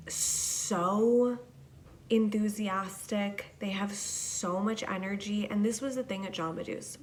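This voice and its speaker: A woman's voice: mid-range voice, a little hiss or hum. A young woman hosting a podcast, telling a rambling, profane, self-deprecating story in a casual monologue. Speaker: podcast host.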